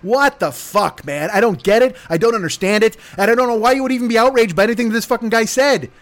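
A man's voice: extremely high pitch, fast talker, a bit bright. A man ranting in a profane comedic monologue as a podcast host, swearing heavily and slipping into mocking voices. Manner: rants with heavy swearing and mock voices.

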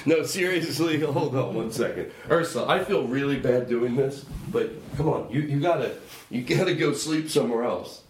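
A man's voice: mid-range voice, moderate pace. A man hosting a casual podcast, telling rambling stories with lots of laughter and self-interruptions. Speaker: podcast host. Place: home studio with his dog. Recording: echoey room, faint noise.

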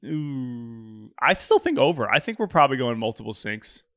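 Very animated and fairly bright in tone, a medium-pitched man co-hosts a baseball podcast at a normal pace. He keeps things chatty and jokey, reading listener emails and frequently restarting sentences, in a studio-quality recording free of echo.

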